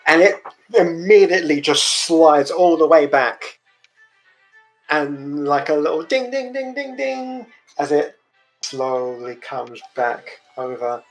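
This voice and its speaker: A man narrating a tabletop game as game master, halting and searching for words as he describes things. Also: fairly high pitch, steady tone, faint music behind, rough recording.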